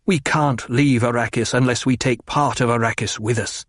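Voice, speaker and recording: A man's voice: on the high side, expressive, a little slow, no echo, studio quality, voice pushed up. A man reading the part of a gifted young nobleman, bitter and intense, his voice rising as he grows frantic.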